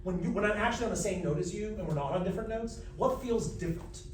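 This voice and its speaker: High-voiced American man teaching a workshop. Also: fast talker. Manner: joking, animated demonstrator, sings pitches and animal sounds. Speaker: vocal coach leading a workshop demo. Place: large room with an audience. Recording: roomy, distant mic, faint noise.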